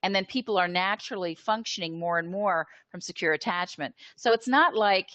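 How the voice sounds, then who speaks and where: A woman being interviewed as a therapist, explaining in an animated, conversational way with filler words, over a video call. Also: medium pitch, a little fast, no room sound, highs cut off. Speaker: interview guest, attachment therapist.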